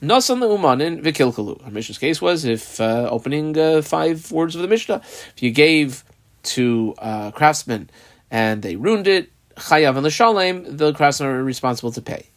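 A man's voice: a little high, lively intonation, moderate pace. Man teaching a Talmud page step by step. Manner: explains step by step, marking up the text aloud. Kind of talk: text study lesson.

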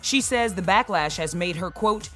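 A woman's voice: mid-range voice, lively intonation, normal speed, a bit bright, faint music behind. A woman entertainment news anchor reading scripted stories with emphatic delivery.

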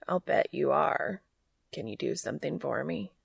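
A woman reading the part of an adult man in love, voicing him soft, low and breathy. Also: animated, moderate pace, no room sound, clean studio sound, heavily acted. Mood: hushed, intimate. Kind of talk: audiobook character reading.

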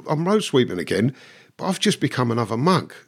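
A man's voice: medium pitch, big pitch swings, brisk, vocal fry, husky. An older man, telling his story as a podcast guest in a blunt, swearing, vivid way. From London. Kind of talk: storytelling interview.

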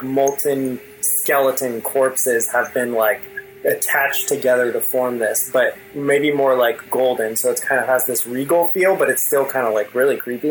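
A man's voice: mid-range voice, fairly bright tone, poor audio. A man narrates a tabletop role-playing game as its game master. He tells the story loosely, with plenty of ums and likes. There is a faint noise behind him. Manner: loose, filler-heavy storytelling.

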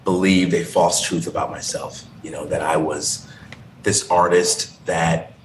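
A man from Indiana, a podcast guest, talking reflectively and haltingly from his living room over a video call. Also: sits low, fairly even intonation, reverberant, slight background noise, poor audio. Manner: reflective, hesitant, many restarts. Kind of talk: casual interview.

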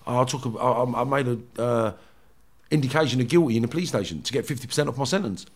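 Man doing a sheepish young con, low mumbly stumbling voice. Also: natural voice. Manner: mumbling, halting repetitions. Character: young male prisoner, sheepish and resigned.

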